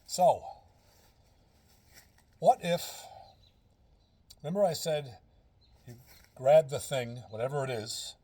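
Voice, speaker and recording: A man with a husky, slightly rough voice talks straight to camera in a casual instructional vlog. He explains earnestly and patiently, repeating his key phrases as he builds each point one step at a time. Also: mid-range voice, expressive, slow, long pauses, dark tone. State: out of breath. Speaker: fitness and breathing instructor.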